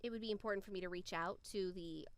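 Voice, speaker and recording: A woman who narrates audiobooks, co-hosting a podcast and explaining her views in a measured, thoughtful way. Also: medium pitch, clean tone, no echo. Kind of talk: casual discussion.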